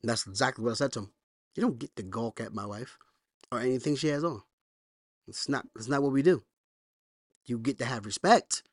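In a church, a male pastor delivers a sermon, shifting between loud, high-pitched scripture reading and low, conversational storytelling. He is blunt and emphatic and repeats phrases. The studio sound is clean, with no echo.

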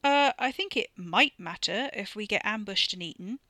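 A man's voice: high-pitched, expressive, moderate pace, pushed and bright, dry recording, clean studio sound. A woman voicing an anxious young man who rambles and stammers while guarding his sister. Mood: wary.

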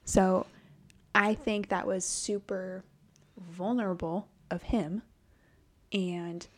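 A woman's voice: medium pitch, steady tone, slow pace. A woman co-hosting a book podcast, chatting casually and animatedly, swearing freely and acting out quotes. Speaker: podcast co-host.

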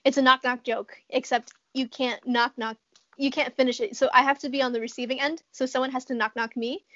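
A woman's voice: high voice, steady tone, a little fast, fairly bright tone, lo-fi sound. A young woman chatting as a podcast guest, giggling often and searching for words. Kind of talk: casual chat.

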